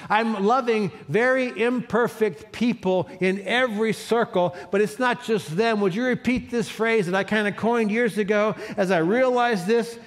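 A man's voice: high voice, normal speed, few pauses. A man preaching a sermon as pastor, leading his congregation in call-and-response. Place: church sanctuary.

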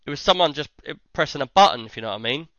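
A man with a London accent, co-hosting a casual chat with quick joking asides. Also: mid-range voice, expressive, bright, forceful tone, dry recording. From England. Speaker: podcast co-host. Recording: dull lo-fi sound.

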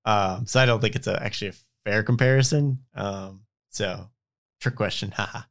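A man's voice: lowish voice, moderate pace, creaky. Podcast co-host, male, easygoing rambling delivery with lots of restarts. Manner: rambling, many fillers and restarts. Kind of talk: casual board game chat.

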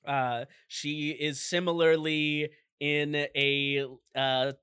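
A man with a bright, fairly high voice walks through a game's story at a slow, easy pace. He tells it like a relaxed storyteller and drops in jokey asides. The sound is dry and close. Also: clean tone, no echo. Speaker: podcast co-host. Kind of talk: casual chat, recapping a video game plot.

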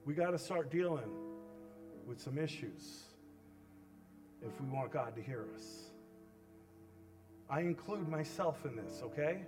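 A male pastor making an impassioned altar call during a sermon, moving from hushed pleading to loud cries. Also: on the high side, animated, measured pace, pauses often, over music.

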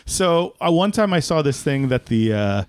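A man's voice: on the high side, sing-song, moderate pace, clean tone, no room sound. A man co-hosting a podcast, sharing trivia and wry opinions in casual movie-review chat. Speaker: podcast co-host.

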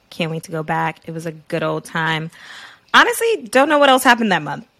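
List: woman, 30s, podcast co-host, low-pitched, dry, playful and sassy. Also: very animated, moderate pace, pushed and bright, dry recording. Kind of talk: casual chat.

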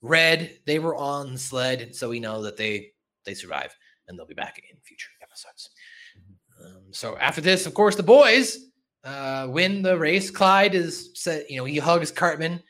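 A man hosting a podcast, recapping a cartoon episode in animated, laughing storytelling. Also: on the high side, moderate pace. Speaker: podcast host.

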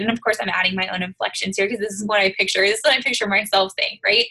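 Breathy woman giving a casual devotional talk. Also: mid-range voice, brisk, hardly any pauses, bright, forceful tone, low-quality recording. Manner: conversational, frequent fillers and tag questions. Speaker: devotional speaker. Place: her living room at home. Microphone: video call.

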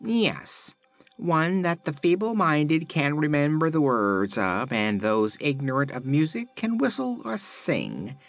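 A man's voice: a little high, sing-song, slow, vocal fry, voice pushed up, exaggerated voice. A man voicing a sulky, boastful talking phonograph machine in a storybook reading. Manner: sad then indignant, sulky.

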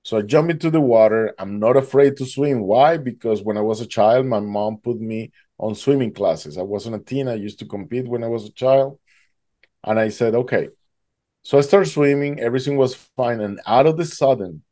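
A man telling a dramatic survival story in an animated way, his voice jumping high when he acts out panic. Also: normal speed. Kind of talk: emotional storytelling.

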